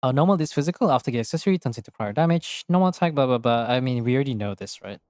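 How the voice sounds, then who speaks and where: A man's voice: medium pitch, expressive, rapid-fire, darkish tone, clean tone, dry recording, studio quality. A young man streaming a game from his room, chatting casually and rambling through jokes, swearing freely and laughing often. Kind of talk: casual live-stream chat while gaming.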